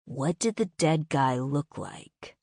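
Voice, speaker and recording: A steady male secret agent talks in calm, terse lines in an audiobook. He speaks slowly and low, recorded dry and close. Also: dry recording, full character voice. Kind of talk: audiobook character voice.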